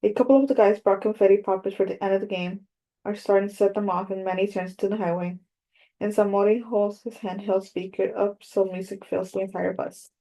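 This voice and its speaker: A woman reads a first-person audiobook in a measured, even way. Her medium-pitched voice is dark and mellow, and her melody stays flat from line to line.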